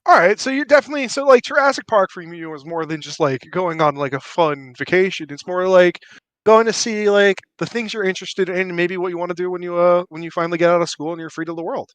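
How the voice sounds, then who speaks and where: A man's voice: sits high, quick pace, a bit bright, no room sound. A man narrating a tabletop game as dungeon master, playful and chatty. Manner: playful, chatty, full of fillers like 'like'.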